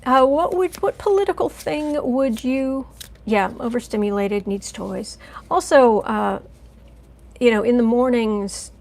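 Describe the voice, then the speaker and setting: A woman's voice: fairly high pitch, unhurried, gravelly. A woman hosting a tarot channel, chatting in a rambling, casual way on a live stream. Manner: chatty, rambling, coos softly to her cat. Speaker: tarot reader, channel host.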